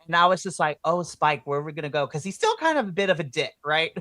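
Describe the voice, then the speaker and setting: Excitable woman recapping with bright tone. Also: deep voice, fast, dry recording. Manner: excitable, swings into loud animated retellings. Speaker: podcast co-host. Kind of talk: casual wrestling recap chat.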